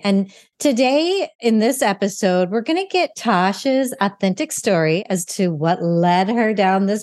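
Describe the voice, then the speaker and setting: Middle-aged woman host, mid-pitched, gushing and excited, talking over zoom from her barn. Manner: enthusiastic, gushing. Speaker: podcast host. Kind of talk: podcast interview hosting. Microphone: video call.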